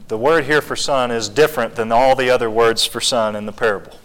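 A man's voice: medium pitch, steady tone, brisk, a bit bright, poor audio. A man leading a Bible study, teaching earnestly and rising to pleading emphasis.

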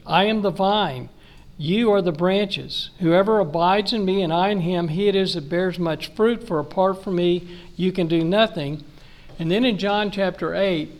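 A man with a high voice preaches a sermon. He reads scripture aloud, then explains it in plain, conversational words. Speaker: pastor.

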